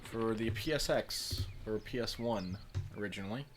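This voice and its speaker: A man's voice: lowish voice, normal speed, a little hiss or hum. A man streaming a video game, chatting casually with many fillers.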